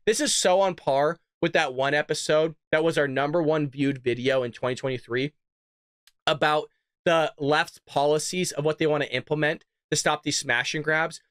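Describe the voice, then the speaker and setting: A man's voice: a little high, a bit bright, no room sound, clean studio sound. A man hosting a show, reading a news story aloud and reacting to it with incredulous, sarcastic commentary aimed straight at his viewers. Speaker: host.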